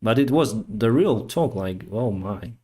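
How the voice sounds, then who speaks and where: A man's voice: lowish voice, expressive, a little slow, mellow. A man hosting a live stream, telling stories in a loose, rambling way with many fillers. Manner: rambling, with frequent fillers and acted-out quotes. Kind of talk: casual live-stream storytelling.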